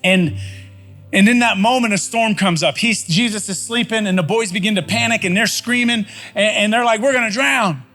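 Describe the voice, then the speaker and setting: High-voiced pastor preaching. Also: male voice, normal speed, pushed and bright, faint music behind. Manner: conversational preacher, repeats phrases for emphasis, folksy. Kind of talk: sermon. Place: church sanctuary.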